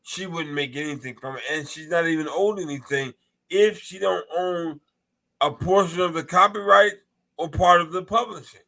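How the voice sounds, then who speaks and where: A man's voice: fairly high pitch, normal speed, creaky, pushed and bright, rough recording. A man on a casual chat panel explaining a point methodically.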